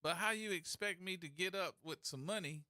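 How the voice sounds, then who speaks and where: A man hosting a call-in radio talk show, telling stories in a folksy, animated way. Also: high-pitched, brisk, no echo, studio quality. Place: radio studio. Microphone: studio mic.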